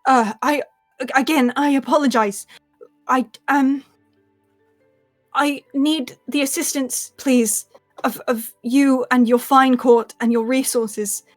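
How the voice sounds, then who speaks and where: A woman voicing an exhausted, desperate old woman who pleads in halting, broken sentences, in an actual-play tabletop game. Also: sits high, steady tone, soft background music. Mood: pleading.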